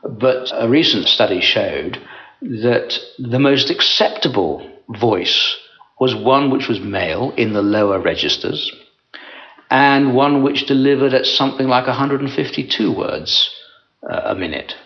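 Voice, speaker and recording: A man's voice: mid-range voice, lively intonation, unhurried, dull audio. A man interviewed on radio, sharing facts and an anecdote in an informative way.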